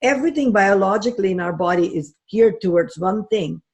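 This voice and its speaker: A woman's voice: mid-range voice, animated, brisk. A woman astrology teacher lecturing in a live class, telling stories in a chatty way with many fillers.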